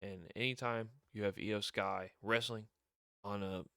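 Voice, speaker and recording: A man casually recapping a wrestling show on his own, excitable and rambling, with lots of fillers, restarts and laughter. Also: on the low side, a little slow, creaky, no room sound, studio quality.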